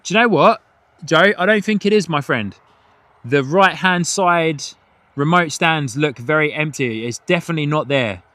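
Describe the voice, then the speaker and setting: A man's voice: a little high, moderate pace, bright, forceful tone, no echo. A British man with an Australian and New Zealand twang, hosting a live plane-spotting stream outdoors at an airport, chatting and laughing often as he reads viewer messages. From United Kingdom. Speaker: livestream host.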